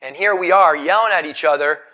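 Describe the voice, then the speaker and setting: Male motivational speaker, thirties, live seminar, bright voice pitched a little high, punchy questions to the crowd. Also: a little fast. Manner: energetic, rhetorical questions to the audience. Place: event hall in front of a live audience.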